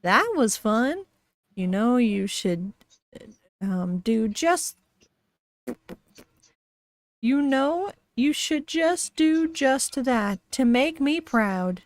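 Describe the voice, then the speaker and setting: A woman's voice: a little high, big pitch swings, slow pace, a bit bright, dry recording, heavily acted. A woman voicing a cheerful, menacing male puppet from a children's show, in a sing-song children's host tone.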